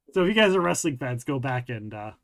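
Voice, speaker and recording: A man's voice: mid-range voice, big pitch swings, moderate pace, gravelly, a bit bright. A man hosting a casual podcast, chatting with a friend and reading a news article aloud, often stumbling and rereading lines. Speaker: podcast host.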